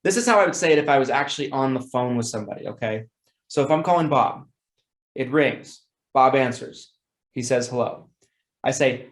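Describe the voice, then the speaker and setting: Male sales coach, mid pitch, casual and repetitive, echoey room. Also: a little fast. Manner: demonstrates phone scripts with bright, excited tones; casual, repeats words, self-corrects. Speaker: sales trainer. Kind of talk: sales training talk.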